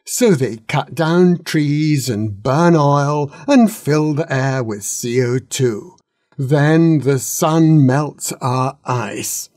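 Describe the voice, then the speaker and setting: A man's voice: fairly high pitch, extremely slow, darkish tone, no echo, studio quality. A man as the fretful green dragon of Shay. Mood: worried. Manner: patient explaining.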